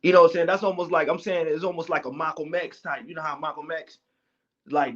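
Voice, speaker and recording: A man's voice: on the high side, fairly even intonation, quick pace. Rambling man, lo-fi. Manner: rambling, searching for words. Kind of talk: rambling casual chat. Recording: dull lo-fi audio.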